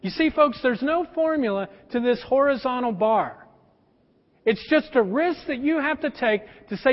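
High-voiced preacher in an echoing hall. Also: male voice, animated, normal speed. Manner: storytelling, direct address to the congregation. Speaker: pastor. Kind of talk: sermon. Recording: long hall reverb, dull lo-fi sound.

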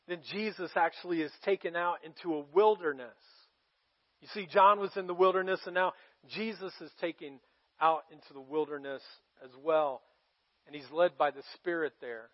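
A man's voice: high voice, highs cut off. A man pastor giving a sermon, telling the story casually with bursts of emphasis.

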